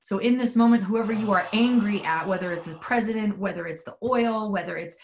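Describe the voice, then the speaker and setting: A woman's voice: mid-range voice, fairly quick, vocal fry, slight background noise. A woman leading a guided spiritual session from a mountain home, earnest and intimate, swearing freely and leading call-and-response prayer. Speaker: spiritual workshop leader.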